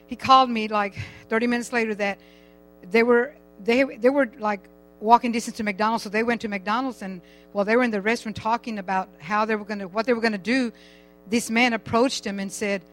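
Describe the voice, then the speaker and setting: A woman's voice: a little high, fairly even intonation, a little fast, faint music behind, rough recording. An older woman giving a rambling, chatty personal testimony in church, laughing now and then as she talks.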